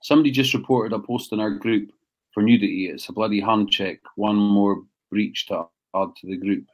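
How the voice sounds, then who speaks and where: A man's voice: lowish voice, steady tone, normal speed. Sweary man chatting on a livestream. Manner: swearing, banter with viewers. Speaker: livestream host. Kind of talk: casual livestream chat.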